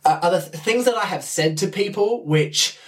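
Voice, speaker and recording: A man's voice: sits high, normal speed, recorded from a distance. A young man, talking casually and enthusiastically on his podcast, rambling and swearing as he goes. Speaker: podcast host.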